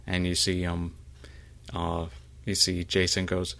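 A man narrating a tabletop role-playing game as game master, halting, with frequent fillers. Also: sits low, completely flat delivery, gravelly, a bit bright, clean tone.

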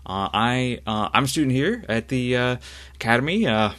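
A man's voice: mid-range voice, sing-song, moderate pace, a bit bright, pitched above the performer's own voice. A man voicing a friendly young male student pilot in a tabletop game, hesitant and full of fillers.

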